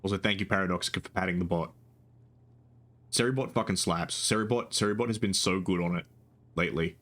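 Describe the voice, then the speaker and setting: A man's voice: sits low, fast, fairly bright tone. A young man streaming live, chatting casually and rambling with frequent restarts and casual swearing.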